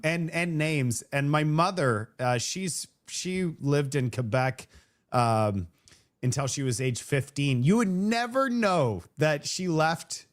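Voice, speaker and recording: A man from Canada whose first language is French, hosting a live stream in casual chat, rambling with many restarts and fillers. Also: mid-range voice. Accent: Vancouver French-Canadian. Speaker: host of a live show.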